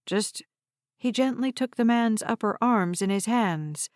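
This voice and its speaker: A woman narrating a novel in a measured, deliberate way. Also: fairly high pitch, expressive, a little mellow, no room sound, studio quality. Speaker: audiobook narrator. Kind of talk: scripted narration.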